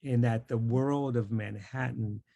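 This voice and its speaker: A man's voice: mid-range voice, fairly even intonation, unhurried, gravelly, warm tone, dry recording. A man interviewing an author, chatty and rambling, with many fillers and restarts. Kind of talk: conversational interview.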